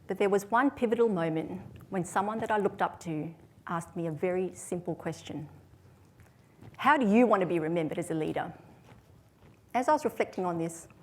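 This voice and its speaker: A woman, giving a prepared talk to an audience in a measured storytelling way. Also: lowish voice. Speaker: speaker.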